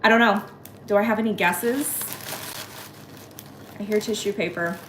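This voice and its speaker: A woman in her thirties hosting a casual live-stream haul, chatty and excitable as she talks to viewers by name. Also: mid-range voice, normal speed, a little hiss or hum. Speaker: host. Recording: echoey room.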